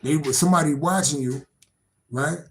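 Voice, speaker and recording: A man's voice: on the high side, normal speed, poor audio. A man doing a casual live-stream tarot reading, rambling and repetitive, swearing freely and laughing to himself. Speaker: tarot reader.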